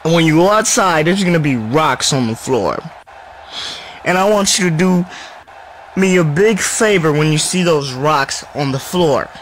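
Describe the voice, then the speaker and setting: A man's voice: a little high, lively intonation, measured pace, fairly bright tone, a little hiss or hum, poor audio. A man playing a cocky male heel wrestler who delivers a profane, confrontational promo. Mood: menacing. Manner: profane, confrontational trash talk.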